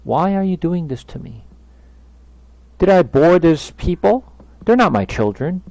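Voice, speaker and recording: Man putting on an indignant, pleading prophet, voice swings high and low, gravelly edge. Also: lively intonation, moderate pace, warm tone, dry recording, rough recording. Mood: exasperated. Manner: pleading, indignant rhetorical questions. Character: exasperated male prophet complaining to God.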